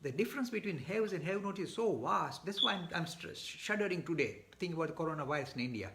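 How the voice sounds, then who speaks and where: A man's voice: fairly high pitch, lively intonation, fast, noisy background. A man answering audience questions in a live online talk, speaking emphatically with frequent restarts and repeated words. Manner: gets worked up.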